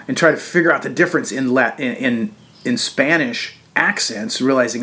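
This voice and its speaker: A man hosting a show, giving a casual political commentary monologue in a halting way with frequent restarts and fillers. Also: medium pitch, a bit bright. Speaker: show host.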